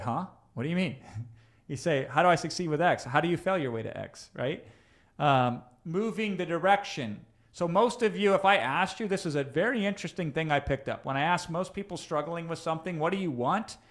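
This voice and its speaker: In a live-streamed coaching session, a man with a fairly high voice talks casually and directly to his listeners. He keeps checking in with tag questions like "right?" and often restarts sentences or uses fillers as he thinks aloud.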